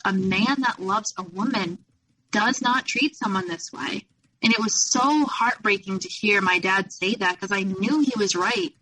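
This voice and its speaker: A woman's voice: mid-range voice, bright, forceful tone, recorded from a distance, slight background noise, low-quality recording. A young adult woman, a podcast guest, telling a personal story in a rambling way full of fillers and restarts. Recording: voice a little off-mic.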